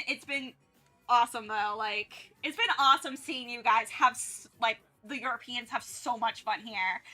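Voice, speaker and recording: Bright young woman rambling on stream. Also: high-pitched. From North Carolina, US. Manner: rambling, many restarts and fillers. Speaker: art streamer. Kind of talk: casual livestream chat.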